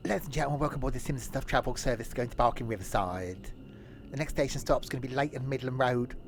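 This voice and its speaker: A man voicing a cheerful male train guard who reads formal on-board announcements with deadpan jokes. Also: medium pitch, fast, a little hiss or hum, natural voice. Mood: deadpan announcing.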